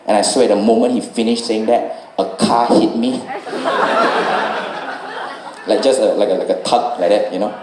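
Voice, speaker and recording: Rambling Singaporean stand-up comic. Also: male voice, lowish voice, fairly even intonation, moderate pace, pauses often, reverberant, very noisy. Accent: Singaporean English. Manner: loose, rambling delivery with "you know" and "right?" tags. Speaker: stand-up comedian. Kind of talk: stand-up storytelling.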